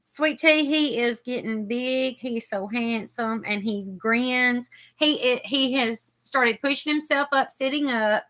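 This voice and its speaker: A woman's voice: a little high, slow, few pauses, a bit bright. A woman hosting a casual live chat, reading viewer comments aloud as she crochets. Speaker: host.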